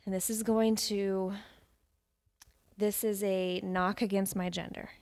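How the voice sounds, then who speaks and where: A woman co-hosting a chatty recap podcast. Her voice sits in a middle pitch, and she tells her stories with animation, slipping into the voices of the people she quotes. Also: slow pace. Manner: animated storyteller who acts out quotes. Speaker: podcast co-host. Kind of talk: casual chat recapping a dating show.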